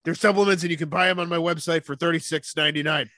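A man's voice: fairly high pitch, steady tone, fast, dry recording. Man doing a hectoring conspiracy radio host. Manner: loud, hectoring rant. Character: shouting middle-aged male conspiracy radio host.

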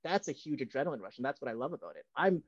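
A man's voice: medium pitch, big pitch swings, very fast, lo-fi sound. A man co-hosting a podcast on a video call, arguing animatedly in casual debate and repeating himself. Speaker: podcast co-host. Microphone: home mic on a video call.

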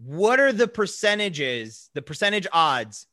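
A man co-hosting a comedy podcast, riffing in excitable, profane banter. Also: sits high, measured pace. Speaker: podcast co-host.

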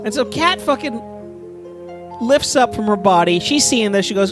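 A man spins an improvised comic story, cursing and laughing as he rambles. His pitch jumps around animatedly, and music plays clearly underneath him. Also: lively intonation, normal speed.

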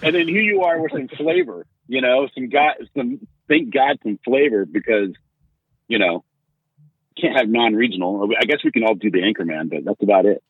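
A man hosting a podcast, telling stories in animated, teasing casual chat. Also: medium pitch, normal speed, slightly rough, dry recording. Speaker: podcast host. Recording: tinny phone-like line.

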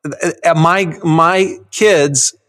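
A man co-hosting a podcast in casual chat, animated and quick to laugh. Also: a little high. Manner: animated, laughs often, stumbles on restarts. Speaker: podcast co-host.

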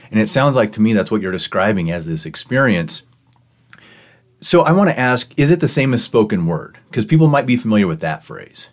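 Podcast host guy, real low voice, calm and thoughtful questions. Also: fairly quick. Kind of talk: interview questions.

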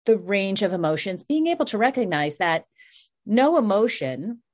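A middle-aged woman speaking earnestly and softly as a guest in a reflective conversation, often restarting her words. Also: mid-range voice, very animated, normal speed. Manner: soft-spoken, earnest, with frequent restarts.

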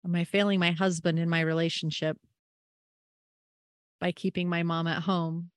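A woman's voice: fairly low pitch, little pitch movement, normal speed, no echo. A woman hosting a caregiving podcast, telling a personal story in an earnest, emotional, reflective way. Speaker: podcast host and family caregiver.

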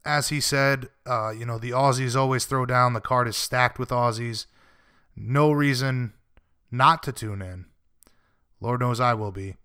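A male radio host keeps the talk easygoing and friendly, calling his guests buddy and brother. His voice is bright and smooth, with a dry, close sound. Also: medium pitch, steady tone, unhurried, dry recording. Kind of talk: casual radio interview and show links.

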